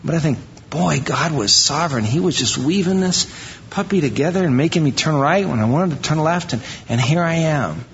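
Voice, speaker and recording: A pastor from Iowa giving a conversational, animated sermon to his church, acting out quoted voices now and then. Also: on the high side, moderate pace, a little hiss or hum. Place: church sanctuary. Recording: dull reverberant church recording.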